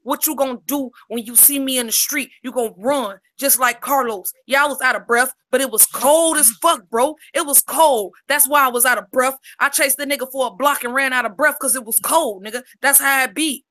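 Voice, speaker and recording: A woman voicing a hot-headed, broke young man who hides out at his grandma's and talks profanely, hushed through his teeth, in a comedic improv impression. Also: high voice, a little fast, few pauses. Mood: angry.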